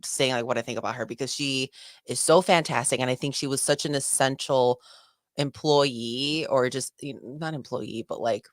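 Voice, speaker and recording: A young woman co-hosting a casual wrestling podcast, gushing and excitable, with many fillers and restarts. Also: extremely low pitch, normal speed, dry recording. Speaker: podcast co-host.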